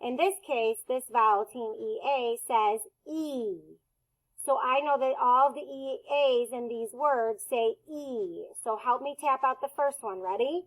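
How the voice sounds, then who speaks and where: A woman teacher walks young children through a phonics lesson. She sounds out each letter slowly and deliberately, in a slightly high, unhurried voice. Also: rough recording.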